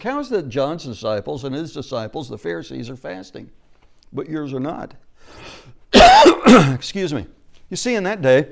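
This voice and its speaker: A male pastor preaching a sermon in a church, telling the story with rising and falling delivery and acting out the voices in it. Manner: expressive preaching, acts out quoted voices with big shifts in pitch and loudness.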